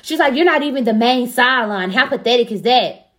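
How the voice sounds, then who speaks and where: A young woman with a fairly high voice chats casually as a show co-host. She tells a personal story bluntly and profanely and acts out the quoted back-and-forth with lively energy. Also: fairly quick. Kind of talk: casual chat.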